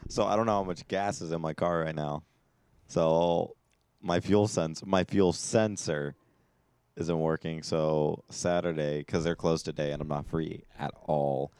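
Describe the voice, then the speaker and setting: A man's voice: extremely low pitch, fairly even intonation, a little slow, a little mellow, smooth, no room sound. A young man co-hosting a casual chat, asking questions and teasing dryly. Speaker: co-host.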